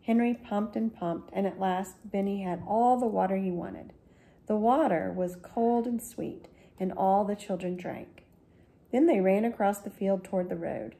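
A woman, a school librarian, reading a children's book aloud slowly and gently. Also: mid-range voice, creaky. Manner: slow, gentle storytelling.

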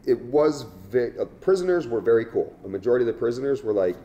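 A middle-aged man, an interview guest, telling his story candidly in a halting way, restarting his sentences often. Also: medium pitch, animated, warm tone, dull audio.

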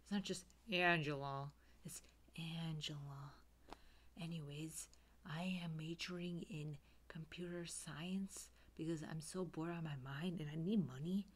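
A woman playing a breathy, soft-voiced student. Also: deep voice, fairly even intonation, measured pace. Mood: affected. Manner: breathy, affected soft whisper. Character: bored, soft-spoken young woman student. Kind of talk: comedy sketch character.

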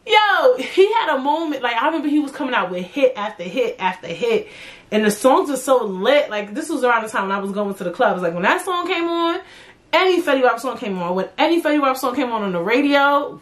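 A young woman hosting her own podcast, ranting in a blunt, profane, animated way about music and celebrities. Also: high-pitched. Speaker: podcast host. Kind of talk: casual solo podcast rant.

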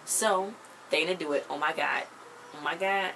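A woman giving a casual, chatty episode recap, peppering her talk with "like" as she retells scenes in an animated way. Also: sits low, moderate pace, gravelly, slight background noise, rough recording. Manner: chatty, full of "like" fillers. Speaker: show recap host.

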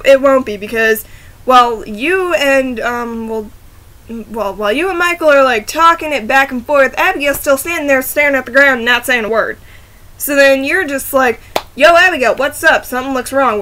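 A vlogger with a high, sharp voice chats casually into her laptop camera microphone. She rambles and giggles, often restarting her sentences to apologize.

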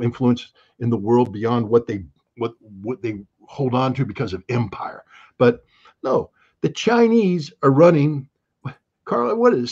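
A man's voice: medium pitch, a little mellow, husky, lo-fi sound. A man as an interview guest, talking in an emphatic, sarcastic way with mocking asides. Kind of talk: animated conversational commentary.

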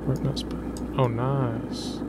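Excitable young man playing a horror game. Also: mid-range voice, slow, very noisy. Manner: excitable, joking, swears, laughs often. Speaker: gaming YouTuber. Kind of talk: let's-play commentary.

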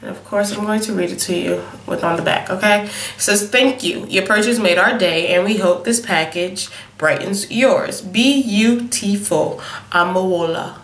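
A woman's voice: medium pitch, moderate pace, fairly bright tone, reverberant. A young woman in a casual, sassy makeup review, sniffly from a cold and calling her viewers honey and y'all. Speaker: beauty vlogger.

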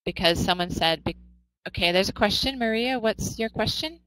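A woman's voice: mid-range voice, moderate pace, fairly bright tone, no room sound, rough recording. An American woman teaching English in a live online class, upbeat and coaxing, often asking her students questions.

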